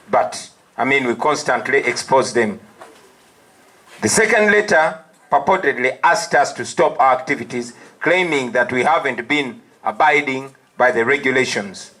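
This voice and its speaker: A man with a Ugandan accent giving a firm, emphatic press statement as an opposition party leader, defiant and deliberate. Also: medium pitch, bright, forceful tone, rough recording.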